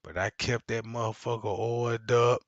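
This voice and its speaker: A man voicing an older woman who brags about herself as if she were a car, speaking in a low, quiet murmur. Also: fairly even intonation, normal speed, no room sound, lo-fi sound, natural voice. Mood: boastful.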